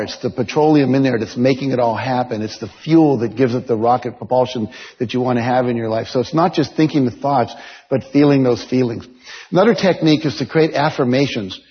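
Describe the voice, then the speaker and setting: A man giving a motivational seminar talk to an audience, coaching listeners directly and telling stories with lively energy. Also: medium pitch, husky. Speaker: motivational speaker. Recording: dull lo-fi sound with long hall reverb.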